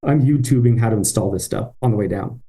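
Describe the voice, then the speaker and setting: Man, podcast guest, storytelling, mellow warm voice, acts out quotes. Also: lowish voice, fast talker. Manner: animated, acts out his own past thoughts and phone calls. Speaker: business owner guest.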